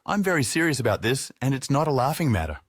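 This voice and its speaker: A man reading as a pretentious young gentleman in an audiobook. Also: mid-range voice, very animated, fast, no echo, clean studio sound, voice pushed up. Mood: indignant. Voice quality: pretentious, prim. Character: pompous young gentleman with a budding mustache.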